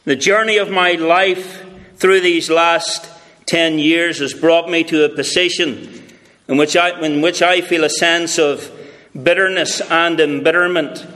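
A man's voice: fairly high pitch, fairly even intonation, measured pace, sharp tone. A man playing a bitter, grieving older widow in a sermon retelling, his voice weary and heavy.

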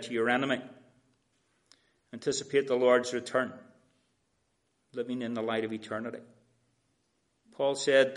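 A man preaching a sermon in an earnest manner, addressing his listeners directly as friends. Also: mid-range voice.

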